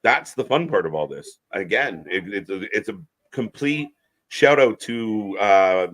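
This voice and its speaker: A man's voice: fairly low pitch, expressive, unhurried, a bit bright. A man co-hosting a live wrestling stream in a laid-back, casual way, reading out chat comments and laughing often.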